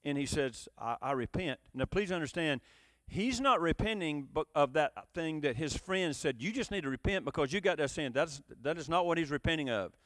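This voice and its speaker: A man preaching a sermon with a high voice that leaps all over its range. He moves between loud, emphatic bursts and low, quiet asides. The sound is dry and close. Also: expressive, fairly quick, no room sound.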